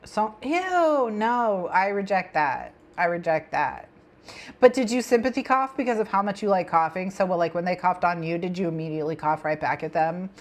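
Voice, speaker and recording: A woman's voice: on the low side, expressive, normal speed. A woman hosting a co-working stream, chatting with viewers and her cat, giggling and repeating herself. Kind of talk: casual stream chat.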